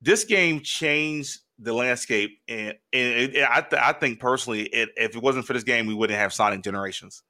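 A man co-hosting a podcast in casual chat, rambling and excitable with lots of restarts. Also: medium pitch, normal speed, few pauses. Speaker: podcast co-host.

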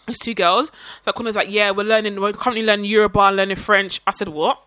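Young woman, South London accent, blunt teasing chat, quick talk, dry close sound. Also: mid-range voice, fairly even intonation, sharp tone, dry recording. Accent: London English. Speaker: podcast co-host. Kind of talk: casual chat. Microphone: close podcast mic.

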